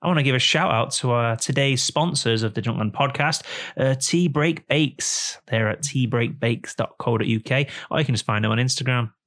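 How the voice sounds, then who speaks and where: A man hosts a podcast, reading a sponsor spot in a jokey, rambling way during casual chat with a guest seated across from him in an indoor room. His voice is medium-pitched and a bit bright, moving at a normal speed with hardly any pauses.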